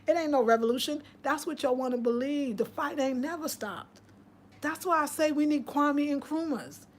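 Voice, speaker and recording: A woman's voice: sits high, measured pace. Outspoken woman host on a live stream. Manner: outspoken, preachy, reads viewer comments aloud. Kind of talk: casual live-stream chat.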